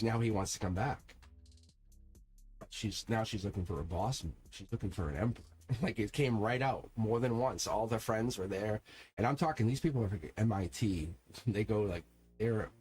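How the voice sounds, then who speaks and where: A middle-aged man chatting casually as a tarot reader on a live stream, telling a story in a rambling, animated way with many laughs and restarts. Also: mid-range voice, breathy edge.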